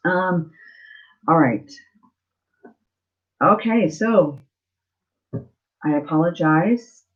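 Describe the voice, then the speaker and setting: Woman doing a live psychic reading, halting and teary, says everything twice, kinda muffled stream audio. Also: fairly low pitch. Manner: halting, repeats phrases, many fillers; tender, emotional. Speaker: psychic reader hosting a live Q&A.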